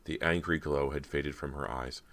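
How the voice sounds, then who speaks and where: A man reading a horror audiobook in steady, dramatic scripted narration. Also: a bass voice, normal speed.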